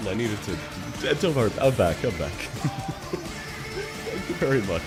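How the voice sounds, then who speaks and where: A man's voice: medium pitch, very animated, normal speed, long pauses, over music. A young man chatting on a live stream, laughing often and thanking his viewers. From Australia. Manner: emotional, laughing between words, thanking chat. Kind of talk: casual live-stream chat.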